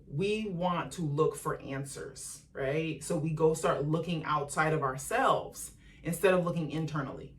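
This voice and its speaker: Animated woman host, slightly distant mic. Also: fairly low pitch. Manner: animated, acts out quoted voices of family and parents; conversational, asks the listener questions. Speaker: podcast host. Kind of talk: solo motivational talk.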